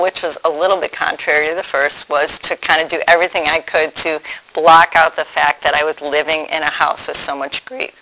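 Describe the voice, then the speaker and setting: A man telling his personal testimony in a reflective way, pausing often with ums and restarts. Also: a little high, sharp tone, low-quality recording. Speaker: speaker sharing his faith story.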